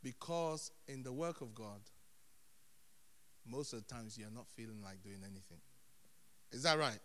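A man preaching a sermon as a pastor, animated, dropping to hushed tones and then rising loud. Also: medium pitch, unhurried, a little hiss or hum. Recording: long hall reverb.

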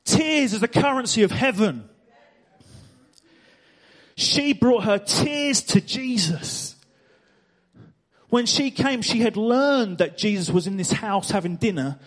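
A man preaching a sermon to a congregation, emphatic, repeating phrases and asking the room rhetorical questions. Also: sits high. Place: church stage before a congregation.

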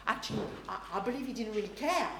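Animated woman preacher in a roomy hall. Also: medium pitch, fast talker. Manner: animated storytelling, acting out voices. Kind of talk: sermon. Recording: roomy hall with faint noise.

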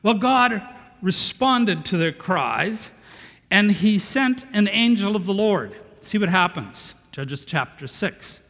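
A man preaching a sermon as pastor, animated and asking the congregation questions. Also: high-pitched, slow pace. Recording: long reverb of a large hall.

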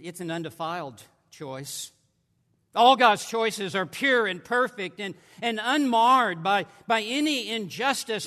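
A man preaching a sermon at a conference, emphatic, swinging between forceful declarations and hushed asides. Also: sits high. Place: large conference hall. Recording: long hall reverb.

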